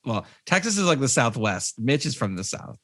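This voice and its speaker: A man's voice: mid-range voice, big pitch swings, moderate pace, a bit bright, no echo. A young man from the northern US co-hosting a casual movie podcast, laid-back and hesitant with many fillers. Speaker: podcast co-host. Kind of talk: casual chat.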